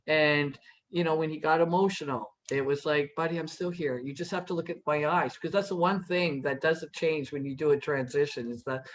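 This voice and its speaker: A man's voice: on the high side, fairly bright tone, poor audio. A man speaking as a panel guest, telling a personal story in an earnest, reassuring way with frequent restarts.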